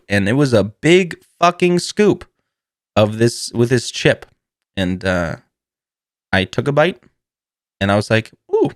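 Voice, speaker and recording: A man's voice: on the low side, smooth, no room sound, clean studio sound. Profane, laughing male podcast storyteller. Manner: swears freely, laughs often, rambling. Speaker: podcast host. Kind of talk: casual comedic storytelling.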